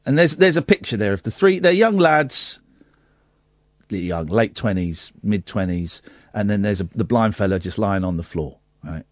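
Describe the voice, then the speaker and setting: Animated man hosting late-night radio. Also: fairly low pitch, moderate pace, no echo. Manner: chatty and animated, with asides and self-corrections. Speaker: radio host. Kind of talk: late-night radio chat, reading out a news story. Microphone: studio microphone.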